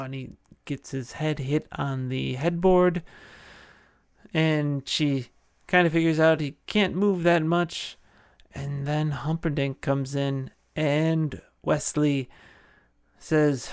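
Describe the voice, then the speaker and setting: A male podcast host talks through a film recap, rambling and joking with open enthusiasm. His voice is gravelly yet smooth and clear, and his pace is slow. It is recorded close and dry. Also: a little high, dry recording.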